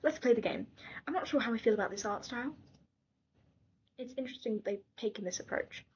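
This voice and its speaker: Soft-spoken woman, slightly high voice. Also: fairly quick, long pauses, lo-fi sound, slight background noise. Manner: soft-spoken, often drops into a whisper. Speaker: gaming channel host. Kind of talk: casual gameplay commentary and comment reading.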